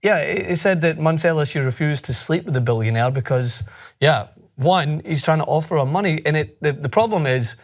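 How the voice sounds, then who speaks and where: A man's voice: fairly high pitch, expressive, a little fast. A man co-hosting a sports news chat, giving blunt, indignant opinions with frequent restarts. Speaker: co-host. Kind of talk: casual news commentary.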